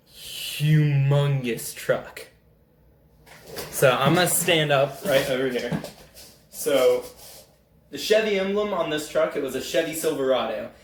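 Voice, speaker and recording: A young man, telling a rambling, excitable story as a casual vlogger. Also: medium pitch. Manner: excitable, rambling, animated retelling. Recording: echoey room.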